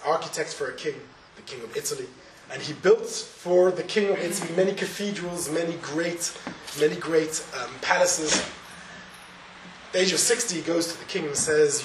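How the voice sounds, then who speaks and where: A man's voice: fairly high pitch, moderate pace. A man teaching a religious lesson, telling a parable and acting out its dialogue, with Hebrew terms mixed in. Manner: storytelling, acts out dialogue, with Hebrew and Yiddish terms. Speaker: Torah teacher. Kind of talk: sermon with a told parable. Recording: echoey room from far off, audible noise.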